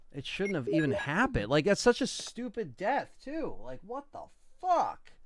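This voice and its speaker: A man's voice: high-pitched, wildly swooping pitch, unhurried, a little hiss or hum. A young man streaming a video game live, swearing freely and ranting to his chat in exasperation. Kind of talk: live gameplay stream commentary. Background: faint game music.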